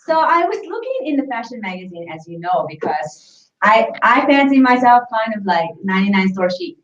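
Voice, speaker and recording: A woman's voice: a little high, big pitch swings, normal speed. A woman co-hosting a casual live-stream chat show, playful and laughing often. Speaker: co-host. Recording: roomy, distant, dull live-stream audio.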